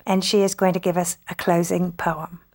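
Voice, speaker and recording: A woman hosting a radio program, introducing the guest and reading the credits in a measured, formal way. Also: on the low side, level tone, darkish tone. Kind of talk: scripted program announcements. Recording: faint music underneath.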